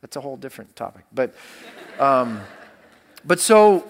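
A man's voice: mid-range voice, sing-song, normal speed, a little hiss or hum. Rambling pastor, man, in a reverberant hall. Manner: rambling, with many restarts and acted-out quotes. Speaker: college pastor. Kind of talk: casual storytelling talk.

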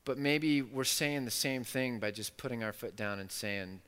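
A man preaching a sermon, animated and playful, acting out the voices of the story's characters. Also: medium pitch, normal speed, hardly any pauses, clean tone. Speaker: pastor. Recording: long reverb of a large hall.

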